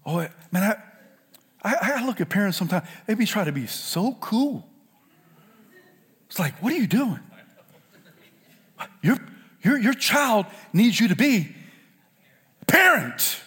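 An older male pastor from South Carolina preaching with a lively, swooping delivery that leaps between loud shouts and hushed asides. His voice sits a bit high for a man. It rings with a long echo as if in a large hall. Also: measured pace, pauses often, breathy edge. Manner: animated preaching, swinging from shouts to low asides. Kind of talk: sermon.

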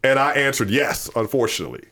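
A man's voice: mid-range voice, quick pace. A man chatting as a podcast guest, telling stories with lots of laughter. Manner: animated storytelling with frequent laughs. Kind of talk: casual chat.

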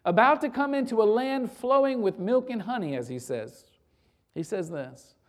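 Pastor, male, sermon delivery: emphatic, rhetorical questions, loud peaks dropping to hushed lines. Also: expressive, normal speed. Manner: swings from loud urgent peaks to low quiet lines.

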